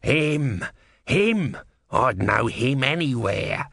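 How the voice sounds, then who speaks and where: A man voicing a small, furious male god stuck in a tortoise's body, who shouts in a shrill, bloodthirsty way. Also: sing-song, drawn-out words, vocal fry, husky, no echo, studio quality, exaggerated voice. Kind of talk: audiobook character voice.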